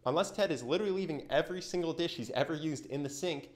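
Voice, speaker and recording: A man's voice: a little high, quick pace, hardly any pauses. A young man teaching how to handle tough conversations, telling stories and acting out the quotes in them. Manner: animated storytelling with acted-out quotes. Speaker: communication coach. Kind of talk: explanatory talk to camera.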